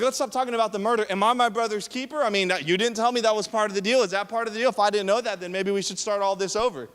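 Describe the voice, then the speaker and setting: A young man preaching with a high, lively voice that rings through a large hall with a long reverb. He keeps things animated, breaking into joking asides and rhetorical questions, and acts out the people he quotes. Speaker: young adult ministry pastor. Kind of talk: sermon.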